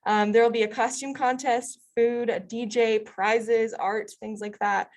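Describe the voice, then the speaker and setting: A woman's voice: fairly high pitch, steady tone, unhurried. A woman hosting a student town hall, reading announcements in an upbeat way with many ums. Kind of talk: casual announcements.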